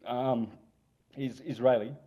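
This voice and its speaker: A man in his sixties, a podcast guest telling rambling, animated anecdotes. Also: medium pitch, slow, dull audio. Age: 60s. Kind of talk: casual storytelling interview.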